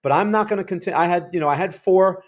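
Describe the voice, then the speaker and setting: Guy doing live trade commentary, rambly, talks to chat a lot, voice a bit high. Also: rapid-fire. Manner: chatty and rambling, quizzing his chat. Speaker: day trading livestream host.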